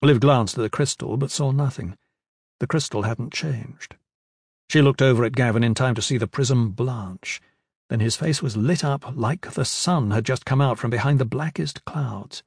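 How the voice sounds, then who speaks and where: A man reading fantasy fiction as an audiobook narrator in a measured, steady way. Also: medium pitch, gravelly, husky, no room sound, clean studio sound. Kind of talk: scripted narration.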